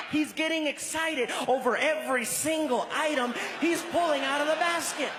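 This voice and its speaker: A man performing stand-up, telling a story in an animated, theatrical way on a live stage. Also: extremely high pitch, moderate pace, few pauses. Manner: animated, loud and theatrical delivery. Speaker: stand-up comedian. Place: large live comedy venue. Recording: stage mic in a reverberant hall with loud crowd noise.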